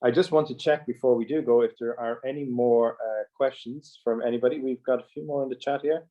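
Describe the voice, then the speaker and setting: A man hosting an online Q&A, speaking haltingly with many restarts. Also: medium pitch, fairly even intonation. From Ireland. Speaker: host. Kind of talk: online talk Q&A. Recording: dull lo-fi audio.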